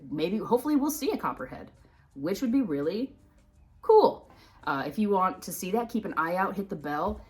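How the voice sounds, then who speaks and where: Woman, from Minnesota, casual educational vlog host, chatty, rambling, low-pitched, soft music behind. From Minnesota, United States. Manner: rambling, chatty storyteller who wanders off topic; laughs often while talking. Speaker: reptile channel host.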